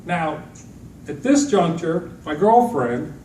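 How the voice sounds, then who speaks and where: In a large hall full of conference attendees, a middle-aged man gives a motivational storytelling talk and animatedly acts out the quotes of people he describes. His voice is a little high and he takes his time. Audio is echoey, noisy, and distantly miked.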